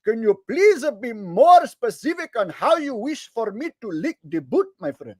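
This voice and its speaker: A man putting on an Indian accent, playing a loud, bossy man who loves the police and keeps saying "my friend". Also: very animated, moderate pace, dry recording, studio quality, heavily acted. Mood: mock earnest. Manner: shrill, ranting, repeats "my friend".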